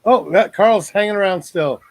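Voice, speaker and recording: A man's voice: high voice, normal speed, dry recording, poor audio. A man hosting a casual online talk show over a video call, joking and rambling with lots of fillers.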